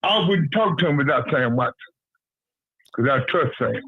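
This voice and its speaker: A man's voice: medium pitch, expressive, moderate pace, breathy edge, dry recording. Blunt man on a tinny phone line. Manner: blunt and repetitive, street slang. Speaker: guest on a boxing talk show. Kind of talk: casual phone-in chat.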